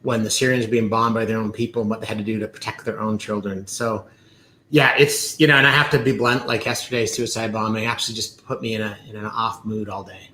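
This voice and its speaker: Middle-aged man host, earnest, bright voice, echoey room with faint noise. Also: fairly low pitch, fairly even intonation, quick pace. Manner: earnest, reflective, with fillers. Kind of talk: casual talk show.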